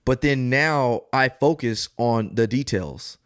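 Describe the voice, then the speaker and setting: A man's voice: medium pitch, takes it slowly, clean tone, no echo, clean studio sound. A man co-hosting a casual podcast, telling stories with lots of energy and acting out the voices of the people in them. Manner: animated storyteller who acts out quoted voices. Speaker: podcast co-host and police officer. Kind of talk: casual chat.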